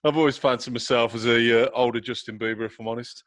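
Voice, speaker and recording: A man hosting a podcast interview, cheerful and quick to laugh. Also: medium pitch, steady tone, no room sound. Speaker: podcast host. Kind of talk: casual interview chat.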